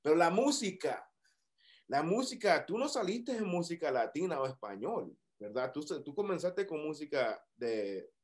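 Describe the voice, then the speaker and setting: A man's voice: a little high, sing-song, a little fast. A man hosting a podcast interview, talking loosely and hyped up, full of slang and dropping into Spanish. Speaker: podcast host. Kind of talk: casual interview chat.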